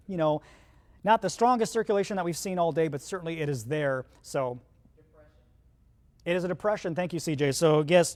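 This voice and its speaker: The chief meteorologist, a man with the hiccups, talks urgently but casually through the radar during live storm coverage. His pitch is fairly high and his tone slightly mellow.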